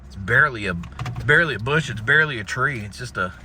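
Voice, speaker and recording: Lively, bright-voiced country man rambling. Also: medium pitch, fast talker, a little hiss or hum. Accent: Southern US country. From Florida, US. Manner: rambling, jokey, swears a lot. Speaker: paranormal vlogger. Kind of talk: casual vlog chat. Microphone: phone camera held by a companion.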